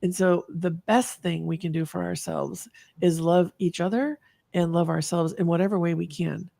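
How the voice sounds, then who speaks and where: Woman guest, low gravelly voice, dry close sound, encouraging, emphatic, on a video call. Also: fairly even intonation, moderate pace, dark tone, no echo. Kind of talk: casual heartfelt talk-show chat.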